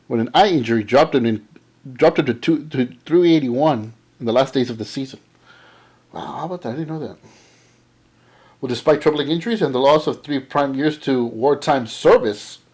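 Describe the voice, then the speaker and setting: Husky, animated man gushing over cards. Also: medium pitch. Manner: enthusiastic, rambling, says awesome a lot. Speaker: comic and card collector vlogger. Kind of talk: casual haul show-and-tell.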